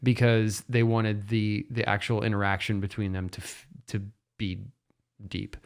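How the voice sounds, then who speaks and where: A man in his thirties on a podcast, talking in a lively, laughing way with lots of false starts. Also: fairly low pitch, a little slow, clean tone. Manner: animated, laughing, lots of restarts. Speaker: podcast guest. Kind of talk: casual podcast chat.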